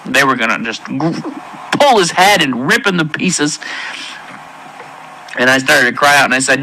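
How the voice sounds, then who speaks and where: A man giving an emotional personal testimony in an earnest, halting way, with many pauses and restarts. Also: mid-range voice, expressive, bright, forceful tone, a little hiss or hum, poor audio. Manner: intense, pleading delivery. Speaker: testimony speaker.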